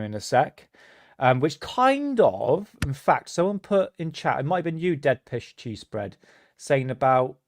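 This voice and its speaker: A man's voice: medium pitch, dry recording, clean studio sound. Chatty man hosting a live stream. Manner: chatty, hesitant, restarts, laughs often. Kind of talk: casual live-stream chat.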